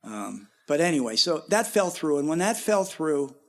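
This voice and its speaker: Gravelly middle-aged man telling stories. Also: on the high side, normal speed. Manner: rambling, animated when quoting others. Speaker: guest musician. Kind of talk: casual interview storytelling.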